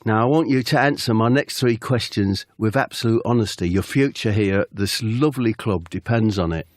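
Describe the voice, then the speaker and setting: A man's voice: fairly low pitch, normal speed, dry recording, clean studio sound, lightly acted. A man voicing a stern, prim middle-aged football manager who talks through clenched teeth.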